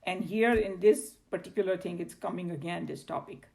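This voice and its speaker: A woman's voice: fairly low pitch, moderate pace, gravelly, warm tone. A woman with an Indian accent teaching a scripture class in a chatty, loose way, telling personal stories. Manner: chatty, loose phrasing, slips into Hindi.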